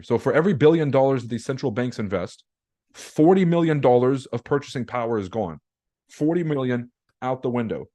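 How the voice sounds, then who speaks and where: A young man runs a casual livestream about markets, blunt and slangy, throwing rhetorical questions at his viewers. His voice sits at a middle pitch with a dark, mellow tone. He swears freely and keeps an easygoing, off-the-cuff delivery. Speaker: trading webinar host.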